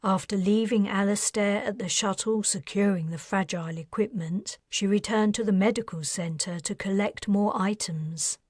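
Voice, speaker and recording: Woman author-narrator, measured storytelling, mid pitch, dry booth. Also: darkish tone, no room sound. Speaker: author narrating her audiobook. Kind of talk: scripted narration.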